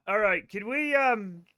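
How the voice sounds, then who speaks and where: A man with a bright, somewhat high voice chats casually through a live game stream. He rambles from topic to topic, addresses his chat directly and swears without fuss. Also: expressive, takes it slowly. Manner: rambling, chatty, swears freely, talks to chat.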